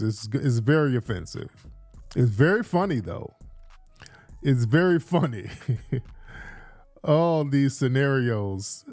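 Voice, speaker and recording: A man's voice: mid-range voice, darkish tone, no echo. A man hosting a casual livestream, chatty and hyping, often repeating his phrases, recorded indoors on a studio mic. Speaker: show host. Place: indoors in Los Angeles.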